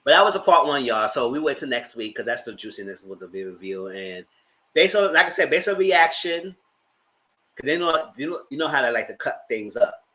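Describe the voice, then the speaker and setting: A man hosting a casual TV recap, chatty and animated, laughing often and breaking into excited outbursts. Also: medium pitch, brisk. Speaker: TV recap host. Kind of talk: casual live TV review commentary.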